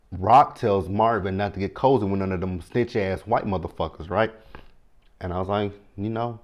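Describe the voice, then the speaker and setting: A man, casually recapping a TV episode and talking straight to his viewers. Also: sits low. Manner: chatty and animated, talks to viewers directly. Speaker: TV show recap host.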